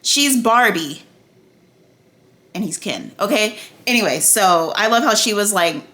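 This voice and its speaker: A woman giving a casual TV recap and review, ranting excitably with heavy swearing and lots of "like" and "you know". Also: medium pitch, unhurried. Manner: profane, excitable ranting with frequent fillers. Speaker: TV recap vlogger.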